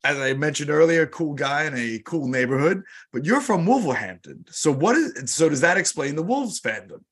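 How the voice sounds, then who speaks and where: Husky American podcast host. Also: male voice, on the high side, big pitch swings, normal speed. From United States. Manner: enthusiastic, casual, swears. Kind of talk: casual podcast interview.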